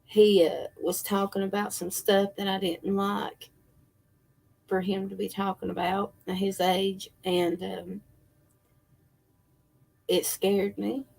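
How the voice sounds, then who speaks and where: A middle-aged woman with a drawl talks slowly into her phone, full of fillers and false starts. Her voice carries a gravelly creak throughout. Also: medium pitch, level tone, a little mellow. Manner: rambling, many fillers and restarts, addresses viewers as y'all. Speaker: spiritual livestream host. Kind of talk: casual chat to viewers.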